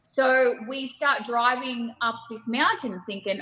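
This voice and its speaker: A young woman, telling a lively, laughing anecdote over a video call. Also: fairly high pitch, measured pace, few pauses, rough recording. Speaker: storyteller guest on a video call.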